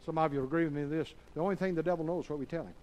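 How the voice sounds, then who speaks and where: Man, pastor, sermon in church, high voice, calls for amens. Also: racing, dull audio, slight background noise. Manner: swings from soft talk to shouted preaching, asks congregation for amens. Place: church before a congregation.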